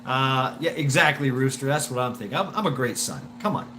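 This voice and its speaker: Bright-voiced man rambling on a live stream. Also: medium pitch, animated, a little fast, a little hiss or hum. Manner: rambling, swears, laughs often, many restarts. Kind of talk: casual storytelling on a live stream.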